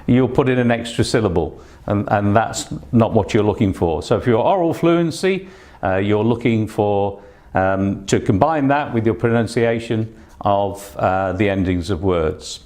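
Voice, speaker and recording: With a low-leaning, slightly mellow voice and an unhurried delivery, a man teaches an online exam-prep class as an English test teacher. He's patient and instructive, filling the gaps between points with plenty of "uh" and "um."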